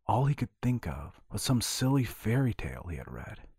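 A man narrating audio fiction in a hushed, breathy manner. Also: on the low side, very animated, normal speed, dry recording, clean studio sound.

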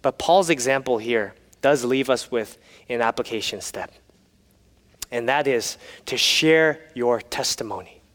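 A man's voice: medium pitch, measured pace, fairly bright tone, long reverb tail. A man preaching a sermon, telling stories with humor and then turning earnest. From United States. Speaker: pastor.

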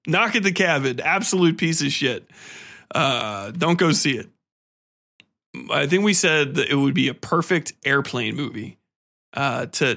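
A man's voice: medium pitch, creaky, pushed and bright. A young man hosting a podcast, rambling casually through his outro with blunt, profane remarks and lots of fillers. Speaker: podcast host.

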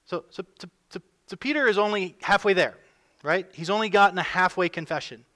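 A male pastor delivers a sermon with a voice sitting a bit above the usual for men. He leans hard into his points, then falls back to a hushed tone before rising again. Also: high voice, brisk. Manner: emphatic preaching, voices quoted figures with rising force.

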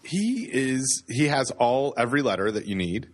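A man's voice: medium pitch, big pitch swings, normal speed. A Canadian man co-hosting a podcast, chatting casually and rambling with self-deprecating jokes. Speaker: podcast co-host. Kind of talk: casual chat.

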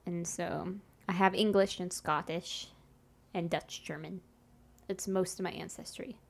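A woman from Texas, co-hosting a podcast in casual chat, playful and quick to laugh, with many fillers. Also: fairly low pitch, fairly even intonation, vocal fry. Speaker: podcast co-host.

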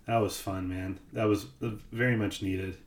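A man's voice: low-pitched, normal speed. A man co-hosting a casual podcast chat, laughing often as he tells stories. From Missouri. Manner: laughing, animated storyteller. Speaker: podcast co-host. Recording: roomy echo.

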